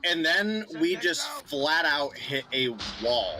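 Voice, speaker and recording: A man's voice: a little high, animated, slow, pushed and bright, slight background noise. Chatty man analyzing an esports match. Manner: conversational, analytical with filler words. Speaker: esports caster. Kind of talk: color commentary. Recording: game sound effects under the voice.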